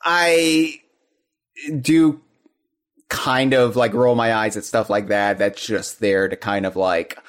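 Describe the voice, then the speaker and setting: A man's voice: fairly low pitch, takes it slowly. A man co-hosting a podcast, chatting casually and animatedly about a movie trailer. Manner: animated, mimics voices in jest. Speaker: podcast co-host. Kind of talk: casual chat.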